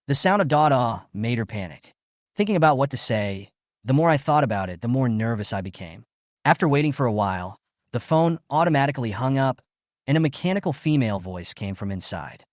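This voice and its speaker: A man's voice: mid-range voice, expressive, normal speed, no room sound, studio quality. Man narrating a story recap.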